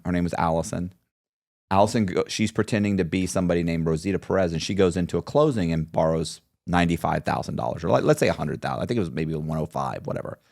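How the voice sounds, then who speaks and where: A man with a somewhat low voice holds forth as an interview guest. He tells his story in long runs and acts out the voices of the people he quotes. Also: vocal fry, darkish tone.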